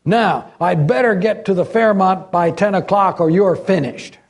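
An older man voicing a phony male guru in a sermon reading, slow and calm. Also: high voice. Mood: angry. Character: phony male guru, serene then snarling.

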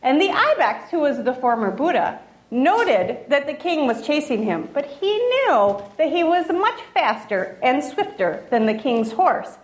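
A woman telling a fable in a gentle storytelling manner, with restarts and asides. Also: sits high, sing-song, measured pace. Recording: roomy echo.

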